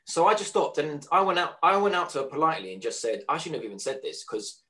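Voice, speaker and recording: A man on a casual podcast, telling an animated anecdote at speed, stumbling over restarts. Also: fairly high pitch, quick pace. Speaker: podcast co-host. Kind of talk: casual storytelling chat.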